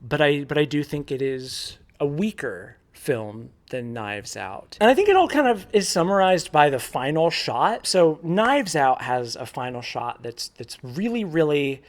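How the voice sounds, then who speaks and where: A man with a fairly high voice talks through a film in a casual review, candid and informal, with the odd swear word. He stops and restarts often, repeating words as he works out his point. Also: big pitch swings, unhurried, hardly any pauses. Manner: thinks aloud with frequent restarts and repeated words.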